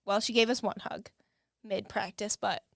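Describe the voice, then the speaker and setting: A woman's voice: medium pitch, fairly even intonation, normal speed, vocal fry, a bit bright, no room sound, studio quality. A woman co-hosting a live show in casual, chatty conversation, laughing often. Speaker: co-host of a live advice show. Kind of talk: casual chat.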